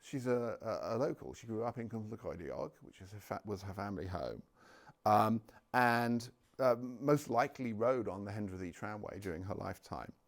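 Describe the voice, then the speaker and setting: Halting low gravelly male history speaker. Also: lively intonation. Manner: halting, many ums and restarts. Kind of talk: public talk with slides. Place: village hall.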